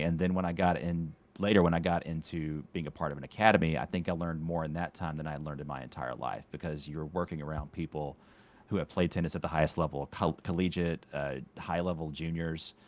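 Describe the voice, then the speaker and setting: A man in his late thirties, a podcast guest who coaches tennis and streams, talking in an unhurried way with dry, sarcastic wit. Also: rumbling low. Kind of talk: casual interview chat.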